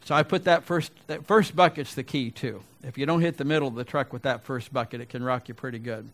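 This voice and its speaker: A man's voice: medium pitch, a little fast. A middle-aged man preaching a sermon, telling a folksy personal story and then asking rhetorical questions. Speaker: pastor.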